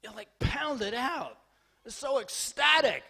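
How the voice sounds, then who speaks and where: A man giving a scripture class to an audience in a temple hall. He tells stories in an animated, humorous way, acts out dialogue, and urges his listeners on. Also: very high voice, a little slow, gravelly, husky. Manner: urgent and exhorting. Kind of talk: sermon with lively storytelling.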